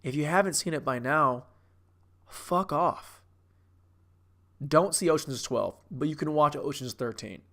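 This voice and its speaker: A man's voice: fairly high pitch, fairly quick, hardly any pauses, fairly bright tone. A man in his thirties giving a brash, profane and rambling comedic movie review. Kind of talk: casual comedic rant.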